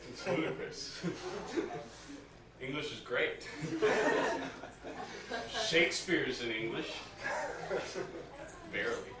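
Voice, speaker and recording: A man doing a stand-up routine, playing an ignorant bigot persona with a slow deadpan delivery that keeps breaking into laughter. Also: medium pitch. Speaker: stand-up comedian. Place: party venue with a live audience. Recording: echoey room, far from the mic, loud noise.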